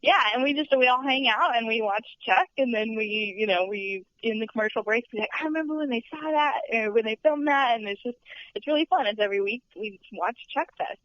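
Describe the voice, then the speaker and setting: A woman's voice: a little high, fairly quick. A young woman working as a studio tour guide, chatting in a podcast interview in a bubbly way and laughing often. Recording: dull lo-fi podcast audio.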